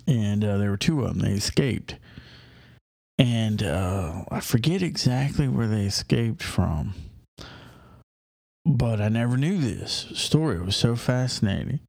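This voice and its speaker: A man's voice: on the low side, vocal fry, darkish tone, no room sound, clean studio sound. A man talking casually in a rambling, enthusiastic monologue, full of hesitations and restarts.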